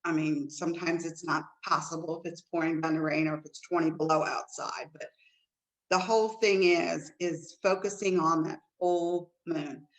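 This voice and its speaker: A woman co-hosting a casual chat show, telling stories in an animated way with big jumps in pitch. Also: moderate pace, low-quality recording. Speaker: co-host.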